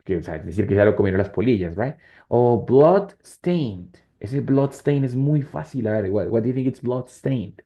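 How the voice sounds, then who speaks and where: A man's voice: mid-range voice, expressive, fairly quick, lo-fi sound. A man teaching English whose first language is Spanish, switching between the two languages and often checking if students follow. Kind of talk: online class explanation.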